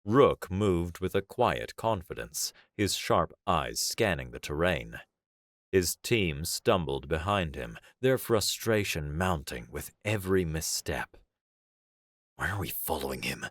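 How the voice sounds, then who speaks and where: Male audiobook narrator, very deep voice, lively intonation, slow, dry close mic. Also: dry recording.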